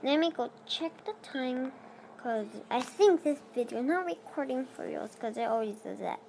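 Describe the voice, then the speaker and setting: A young girl gives casual commentary on a block-building game, rambling to viewers and herself in non-native phrasing, as a let's play creator. Her woman's voice is high-pitched, gravelly and darkish, with lively intonation and a moderate pace. The recording is rough, with a little hiss or hum.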